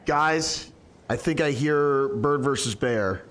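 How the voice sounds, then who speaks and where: A man's voice: medium pitch, slow, a bit bright, a little hiss or hum. Nervous stammering male streamer. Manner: nervous, stammering, talks to chat. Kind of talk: improvised comedy skit.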